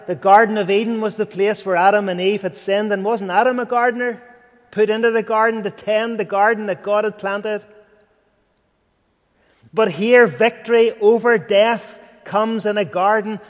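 High-pitched guy preaching, fervent then soft, big hall reverb. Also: steady tone, normal speed. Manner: earnest, rising to fervent, dropping to near whisper. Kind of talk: sermon.

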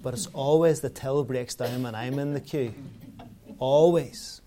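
A man's voice: medium pitch, unhurried, warm tone, a little hiss or hum. A man preaching a sermon in a conversational way, asking rhetorical questions and telling everyday anecdotes.

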